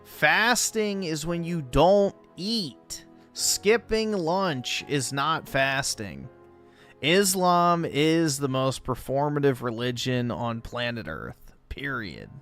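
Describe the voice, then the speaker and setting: A man's voice: a little high, expressive, slow pace, a bit bright, faint music behind. A man co-hosting a livestream, chiming in with crude, dismissive remarks. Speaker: co-host. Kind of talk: livestream commentary.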